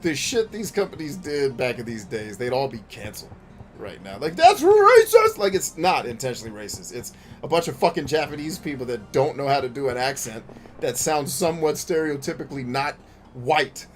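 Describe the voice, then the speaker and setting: A man streaming a video game, riffing in a joking, profane, animated way. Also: mid-range voice, fairly quick. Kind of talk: casual let's-play commentary.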